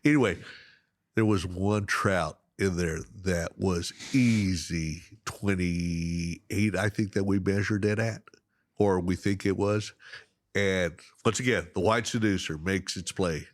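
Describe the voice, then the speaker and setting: A middle-aged man telling fishing stories in casual chat, animated and laughing often, acting out the other people in them. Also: low voice, takes it slowly, dry recording, studio quality. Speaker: guest. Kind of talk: casual storytelling.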